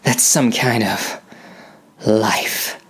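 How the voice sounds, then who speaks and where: A man voicing a bossy woman crew member, brisk and commanding. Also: lowish voice, steady tone, a bit bright, slightly rough, heavily acted. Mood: alarmed.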